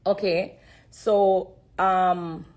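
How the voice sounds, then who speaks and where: Very slowly, and with little pitch movement, a low-voiced woman with a darkish tone offers an emotional testimony over a phone social-media live. She's earnest, repeats herself, and holds back tears.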